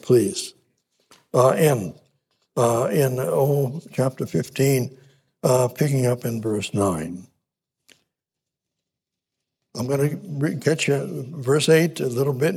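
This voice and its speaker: A man preaching a sermon in an emphatic, repetitive way, with frequent restarts and halting pauses. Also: mid-range voice, darkish tone, slightly rough.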